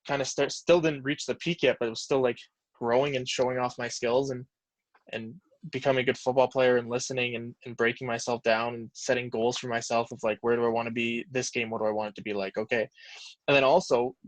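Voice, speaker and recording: Speaking fairly quickly in a flat, mid-range voice, a twenty-something Canadian pro lineman rambles through reflective stories in an interview, leaning heavily on "like." No room sound is audible.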